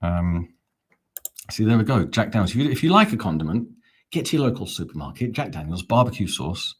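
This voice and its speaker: A man's voice: fairly low pitch, very animated, brisk, slightly rough. A man hosting a live fan watch-along, talking in a chatty, rambling, self-mocking way. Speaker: fan channel host.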